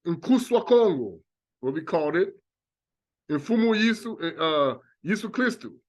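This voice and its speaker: A man's voice: high-pitched, sing-song, measured pace. A man preaching a religious monologue, talking animatedly and acting out reactions with exclamations. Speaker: religious teacher.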